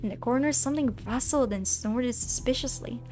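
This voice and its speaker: In a bright, slightly high voice, a woman streamer reads a game's story aloud during a casual let's-play. She's playful and animated, blending dramatic narration with quick asides to her chat, with faint music in the background.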